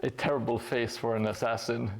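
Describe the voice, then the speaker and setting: A man talks casually on a live stream as he paints, his voice gravelly with fry. His delivery stays flat and even, and he rambles and pokes fun at himself. He leans on fillers and restarts. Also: medium pitch, a little fast, a little hiss or hum. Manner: rambling, self-mocking, many fillers and restarts. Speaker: streamer building a tabletop terrain board. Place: hobby workspace at home.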